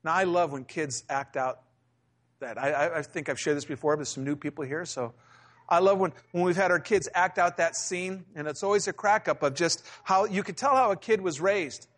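Wysoki męski głos pastora prowadzącego kazanie. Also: male voice, a little high, normal speed, a bit bright. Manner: conversational storytelling preacher, acting out quotes. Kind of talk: sermon.

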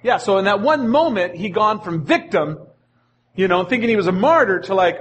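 A man's voice: high voice, big pitch swings, normal speed, fairly bright tone, a little hiss or hum. A male pastor preaching a sermon in an earnest manner, often repeating his phrases.

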